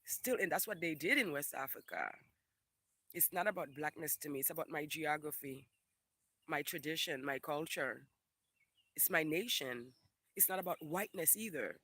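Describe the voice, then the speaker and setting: A man's voice: fairly high pitch, animated, moderate pace, pushed and bright, slightly rough, no echo. A man from Haiti hosting a casual livestream, reading viewer comments aloud and ranting in a profane, emphatic way that repeats phrases for emphasis.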